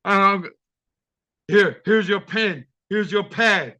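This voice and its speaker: A man voicing a calm woman friend. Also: sits high, takes it slowly, voice pushed up, full character voice. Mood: reassuring. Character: calm young woman friend taking charge.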